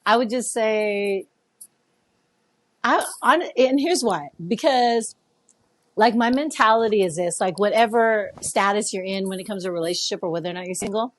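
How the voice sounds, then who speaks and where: Woman podcast cohost, middle-pitched voice, upbeat laid-back talk. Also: moderate pace, dry recording. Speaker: podcast co-host. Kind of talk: casual chat.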